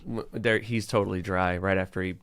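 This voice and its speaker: A man's voice: deep voice, fairly even intonation, brisk, a bit bright, smooth. A man co-hosting a casual movie review podcast, joking and trailing off into muttered asides. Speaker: podcast co-host.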